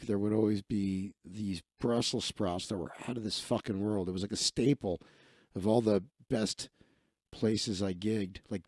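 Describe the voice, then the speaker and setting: A man's voice: lowish voice, dark tone, dry recording, clean studio sound. A man hosting a casual livestream, chatting in a rambling, profane and offhand way as he reads through his social feed. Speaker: livestream host.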